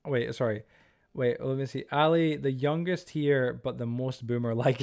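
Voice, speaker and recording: A man's voice: medium pitch, moderate pace, vocal fry, a little mellow, smooth. Rambling, joking male game streamer. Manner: rambling, full of "like" and "bro"; joking and teasing. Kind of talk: casual live-stream chat while playing.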